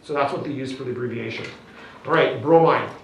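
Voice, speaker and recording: A man's voice: medium pitch, quick pace, a little hiss or hum. A male teacher leading a classroom lesson, upbeat and coaxing, constantly checking in with "okay?" and "right?". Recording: very echoey classroom, distant mic.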